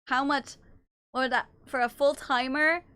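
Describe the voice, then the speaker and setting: Chatty woman streamer, high bright voice, playful and a bit foul-mouthed, dry close recording. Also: steady tone, moderate pace, clear, resonant tone, no room sound. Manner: chatty, playful, reads chat aloud, swears casually. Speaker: livestreamer. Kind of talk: casual livestream chat.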